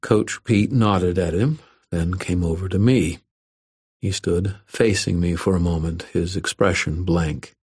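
A man narrates a first-person fantasy story at a steady, measured pace. His voice is very deep with a husky, slightly rough texture. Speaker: audiobook narrator.

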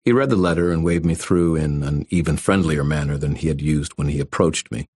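A man's voice: extremely low pitch, a little fast, a little mellow, dry recording. A man reading a first-person story aloud with dry, wry delivery. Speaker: audiobook narrator. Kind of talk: first-person audiobook narration.

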